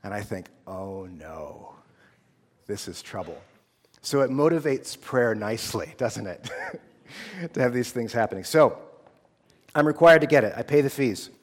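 A theology student in his thirties from the United States shares a personal testimony, telling it in an earnest yet casual storytelling manner. His mid-range voice is expressive and moderately paced, with long hall reverb on the recording.

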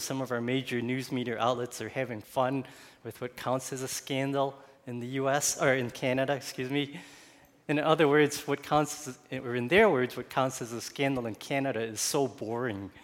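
A man with a Chicago accent preaches a sermon to a congregation, talking in a relaxed, conversational way and often stopping to restart a phrase. His mid-pitched voice rings out with a long hall reverb, as in a large church sanctuary. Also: normal speed. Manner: conversational, with frequent fillers and restarts. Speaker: guest pastor.

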